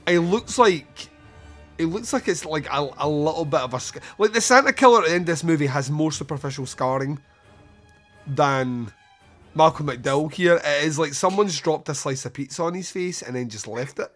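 Soft music plays behind a man whose fairly high, somewhat bright voice moves at a normal speed. Hosting a podcast, he casually walks through a film scene by scene, cursing easily, laughing often, and packing his retelling with fillers.

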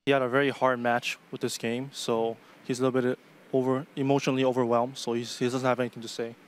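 Male interpreter, very fast, matter-of-fact relaying. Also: mid-range voice, flat delivery.

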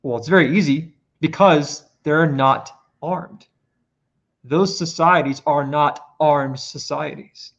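An earnest man lays out his points on a casual podcast, pressing harder on each one. His voice sits a little high. The audio is dull and lo-fi. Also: slow pace, fairly bright tone. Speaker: podcast guest presenter. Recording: lo-fi muffled audio.

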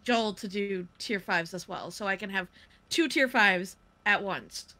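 A woman's voice: medium pitch, measured pace, pushed and bright. A woman in casual multiplayer game chat, playful and bickering, snapping back at teasing.

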